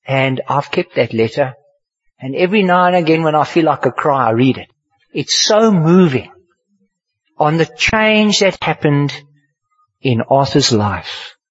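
An older man, preaching a sermon and telling a story, swinging from hushed to loud, with a husky voice. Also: fairly high pitch. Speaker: pastor. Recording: dull lo-fi sermon recording.

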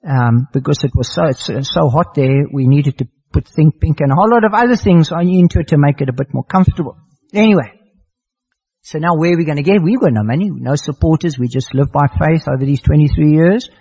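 A man's voice: a little high, lively intonation, fairly quick, vocal fry, warm tone, husky. An older man preaching a sermon, telling a personal story in an earnest way and repeating phrases for emphasis. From South Africa. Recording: muffled lo-fi sermon recording.

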